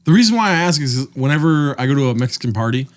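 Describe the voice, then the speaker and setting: A man's voice: medium pitch, very animated. Playful, teasing man co-hosting. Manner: playful teasing, quick to laugh. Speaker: podcast co-host. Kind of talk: casual chat.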